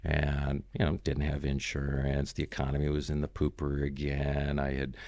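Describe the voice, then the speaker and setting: A man's voice: rumbling low, monotone, normal speed, vocal fry, darkish tone, no echo. A man guesting on a podcast, telling his story in a loose, rambling way full of "you know" and "man". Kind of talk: casual storytelling interview.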